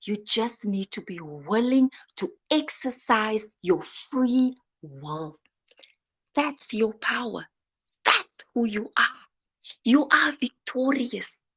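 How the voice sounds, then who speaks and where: A woman giving an inspirational sermon, dramatic and often dropping to a soft whisper. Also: a little high, lively intonation, slow pace, slightly rough. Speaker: motivational speaker.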